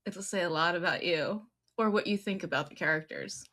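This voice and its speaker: A woman's voice: fairly low pitch, fairly quick, fairly bright tone. A woman co-hosting a casual podcast, chatty and playful as she agrees and jokes about a TV series. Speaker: podcast co-host.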